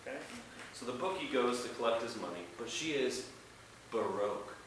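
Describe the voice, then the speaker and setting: A man teaching an art class, playful, shouting mnemonic chants with his students. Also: medium pitch, lively intonation, normal speed, noisy background. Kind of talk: classroom lecture. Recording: echoey classroom from a distance.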